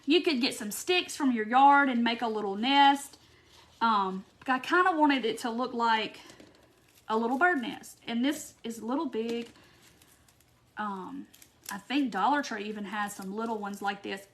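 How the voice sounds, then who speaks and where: A woman's voice: on the high side, measured pace, a bit bright. Chatty gushing woman crafter. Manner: chatty, gushing, reads viewer comments aloud. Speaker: craft tutorial host. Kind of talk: casual live-stream craft demo.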